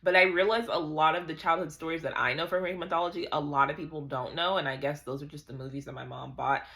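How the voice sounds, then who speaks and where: A woman's voice: deep voice, steady tone, quick pace, vocal fry, fairly bright tone. A woman in her thirties giving a casual, chatty book recap, ranting in exasperation. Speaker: book vlogger.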